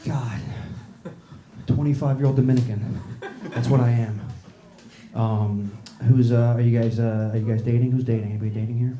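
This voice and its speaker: Speaking in a mid-range voice at a moderate pace, a comedian delivers a profane stand-up set in a small club full of people. His manner is brash as he bounces lines off the crowd. The sound is echoey and the live room noisy.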